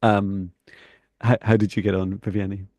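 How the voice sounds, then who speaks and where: Male co-host, gravelly, laid-back conversational delivery. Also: on the low side, normal speed, no room sound. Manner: relaxed, chatty, laughs between thoughts. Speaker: psychic mentor and co-host. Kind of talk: live-stream casual chat.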